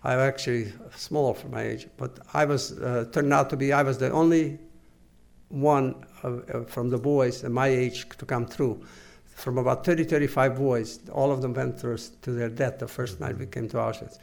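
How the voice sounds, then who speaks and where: An older man gives earnest, measured oral history testimony. His voice has a gravelly, creaky texture at a middling pitch. He speaks haltingly, pausing and restarting as he searches for words. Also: fairly even intonation, a little mellow. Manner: halting, full of pauses and restarts. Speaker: interviewee.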